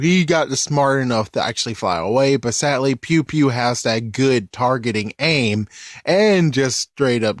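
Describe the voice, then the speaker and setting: Animated man rambling through commentary. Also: mid-range voice, no echo, studio quality. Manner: rambling, animated, self-correcting. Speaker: anime episode reviewer. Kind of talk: casual commentary.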